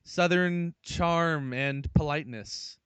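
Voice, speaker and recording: A man co-hosting a casual comedy podcast, wry and deadpan, firing off quick questions. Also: fairly high pitch, clear, resonant tone, no echo. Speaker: podcast co-host.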